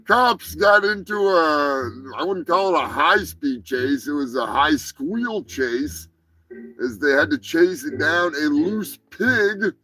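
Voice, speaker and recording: A man's voice: a little high, expressive, slow pace, sharp tone, low-quality recording. Rambling, profane male comedy host. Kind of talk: live comedy news show. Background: music.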